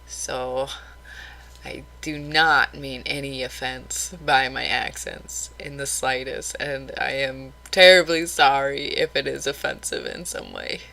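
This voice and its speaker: A woman's voice: a bass voice, fairly even intonation, slow, gravelly, bright, forceful tone, low-quality recording. A woman vlogging casually late at night, rambling candidly and criticizing herself.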